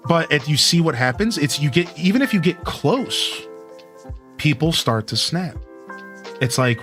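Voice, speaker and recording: A man's voice: a little high, animated, moderate pace, fairly bright tone. A laid-back male streamer in casual conversation with his chat, speaking in an easygoing, friendly way. He talks directly to his viewers while faint music plays underneath.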